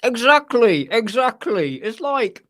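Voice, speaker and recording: A man's voice: very high voice, big pitch swings, slow pace, a bit bright. A man hosting a live web chat, rambling casually and mimicking other people's voices as he tells anecdotes.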